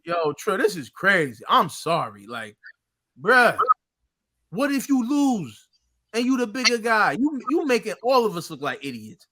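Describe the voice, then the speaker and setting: A man's voice: high-pitched, very animated, unhurried, pushed and bright. A middle-aged man co-hosting a casual podcast, talking emphatically and breaking into playful quoted voices. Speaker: co-host, Spirit G.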